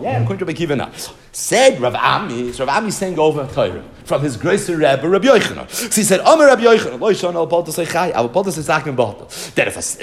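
A man teaching a Talmud lesson, animatedly acting out the rabbis' exchanges and mixing Hebrew and Aramaic terms into English. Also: on the high side. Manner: animated, acts out the rabbis' dialogue.

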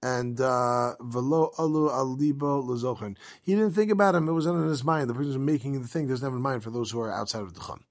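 A man's voice: mid-range voice, fast, hardly any pauses. A man giving a casual Talmud lesson, reading Aramaic lines and explaining them in everyday English, acting out the speakers he quotes. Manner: lively, acts out quoted speakers. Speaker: Talmud teacher.

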